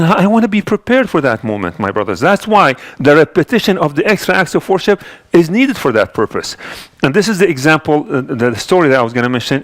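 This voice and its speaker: A man's voice: medium pitch, fairly bright tone, dry recording. A man giving a Friday sermon as imam, talking earnestly with many restarts and repeated words. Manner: earnest, repetitive with frequent restarts and fillers. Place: mosque.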